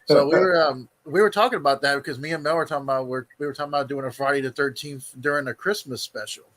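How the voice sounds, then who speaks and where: A man hosting a casual interview, asking loose questions that wander and restart. His voice sounds bright and forward. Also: a little high, steady tone, fast talker. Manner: rambling, hesitant questions with many fillers. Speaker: host.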